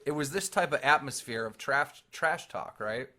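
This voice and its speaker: A young man co-hosting a casual podcast, telling animated stories and laughing often. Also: mid-range voice, moderate pace. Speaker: podcast co-host.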